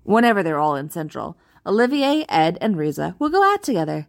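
Lively woman reading a fan post aloud. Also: on the low side, brisk, gravelly, few pauses. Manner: animated, amused, expressive. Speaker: reader.

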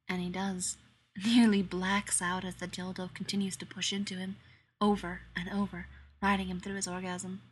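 A woman narrating an erotic audio story in a slow, intimate manner that slips into whispers. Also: lowish voice, little pitch movement, a little hiss or hum.

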